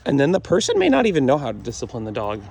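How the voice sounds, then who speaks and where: A man's voice: mid-range voice, wildly swooping pitch, very fast, gravelly, a little mellow, breathy edge. A man working as a dog trainer, talking through a session outdoors in a blunt, matter-of-fact way. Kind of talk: casual explanatory commentary while training.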